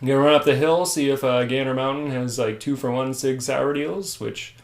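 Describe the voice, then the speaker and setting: A man's voice: medium pitch, fairly even intonation, normal speed, vocal fry. A man hosting a casual solo podcast from a room at home, rambling and self-deprecating. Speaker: podcast host.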